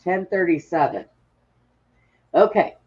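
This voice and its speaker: A woman chatting casually in a slow, relaxed way. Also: lowish voice, breathy edge, lo-fi sound. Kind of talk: casual chat.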